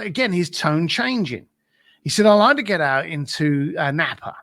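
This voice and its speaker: A man's voice: a little high, animated, moderate pace, a bit bright. A man telling an anecdote as a podcast guest, acting out both sides of a phone call, with lots of fillers and repeated "I said.". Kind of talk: storytelling in a casual interview.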